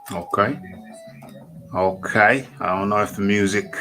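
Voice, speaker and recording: A man with a northern English accent hosts a livestream, talking slowly and repeating himself while he sorts out his settings. His low voice has a bright, forceful edge. Faint music plays behind him. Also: low-quality recording. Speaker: host of a boxing talk livestream. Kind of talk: casual livestream setup chatter.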